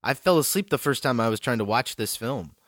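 A man hosting a movie podcast in relaxed, chatty talk with plenty of fillers. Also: mid-range voice, a little fast, no echo. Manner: laid-back, chatty, many fillers. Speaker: podcast host. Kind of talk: casual chat.

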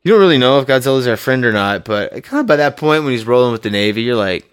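Excitable man chatting about a movie. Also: medium pitch, fast talker, clean tone. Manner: excitable, animated retelling with quoted reactions. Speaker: podcast co-host. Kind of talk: casual movie discussion.

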